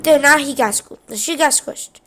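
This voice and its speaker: Rambling high-voiced woman retelling a video. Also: moderate pace, fairly bright tone, faint music behind. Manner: rambling, with lots of "he was like". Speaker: narrator. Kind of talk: casual unscripted retelling of a game video.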